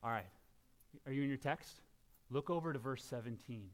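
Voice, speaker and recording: A middle-aged man preaching a sermon as pastor, swinging between quiet asides and loud, emphatic shouts. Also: medium pitch, normal speed.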